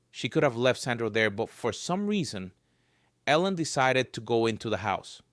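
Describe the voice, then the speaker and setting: A man narrating a scripted story in a lively, varied storytelling voice. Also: medium pitch, moderate pace, no room sound, clean studio sound.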